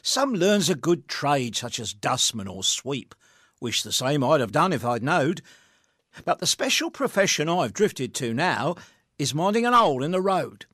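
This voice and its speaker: A grumbling street watchman, as a man recites him telling his hard-luck tale in bouncing verse. His voice is fairly high and swings widely. The sound is dry. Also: big pitch swings, unhurried, a bit bright, dry recording, heavily acted. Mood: rueful. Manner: rhythmic, rueful storytelling. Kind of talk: recited comic verse monologue.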